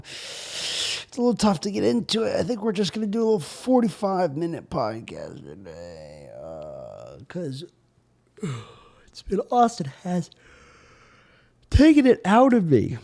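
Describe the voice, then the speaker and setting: A man's voice: takes it slowly, gravelly, long pauses. A young man hosting a solo podcast, riffing on absurd bits in a rambling, offhand way. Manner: absurd deadpan riffing, drifting in pitch and loudness. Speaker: podcast host.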